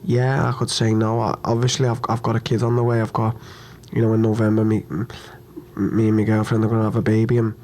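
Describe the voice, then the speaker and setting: Speaking in a lowish, monotone voice with a warm tone, this young man is at a post-fight press conference after a loss, with a little hiss or hum in the recording. He sounds upset and hurt, blunt and repetitive, cursing as he trips over words and starts over haltingly.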